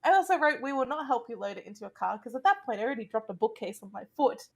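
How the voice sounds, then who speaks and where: A woman's voice: fairly high pitch, sing-song, racing. A woman guesting on a casual podcast, telling blunt, wry stories with frequent laughs. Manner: blunt, wry storyteller who laughs often.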